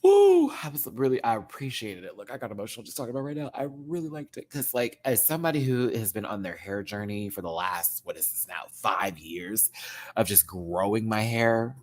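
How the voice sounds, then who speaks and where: A man reviewing a show to camera talks in a chatty, expressive rant. His voice dips to murmured asides, then jumps up into loud exclamations. Laughter keeps breaking into his talk. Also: fairly low pitch, fairly quick. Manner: animated, swings from hushed asides to loud exclaiming; laughs often. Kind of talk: casual commentary rant to camera.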